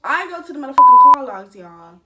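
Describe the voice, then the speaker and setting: A young adult woman telling a personal story casually to her camera, animated, profane and candid, talking straight to her viewers. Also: very high-pitched, fairly quick, background noise. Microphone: camera set up in front of her.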